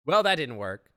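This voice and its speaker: A man's voice: on the high side, fairly bright tone. Chatty laughing male game streamer. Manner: chatty, laughing often, reacting on the fly. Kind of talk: live gameplay commentary.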